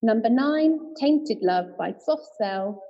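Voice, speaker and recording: A woman's voice: fairly high pitch, animated, slow pace, dark tone, lo-fi sound. A woman co-hosting a livestream music quiz, friendly and giggly, with plenty of fillers. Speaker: quiz co-host.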